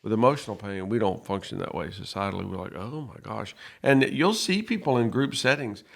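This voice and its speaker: Podcast co-host, male, low-ish voice, earnest explainer who slips into quoted dialogue. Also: animated, fairly quick, gravelly. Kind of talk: casual podcast discussion.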